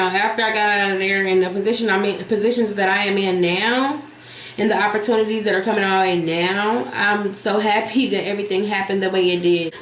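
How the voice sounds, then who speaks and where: A woman vlogger telling a story in casual, animated chat, blunt and profane, talking straight to her viewers. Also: mid-range voice. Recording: echoey room with faint hiss.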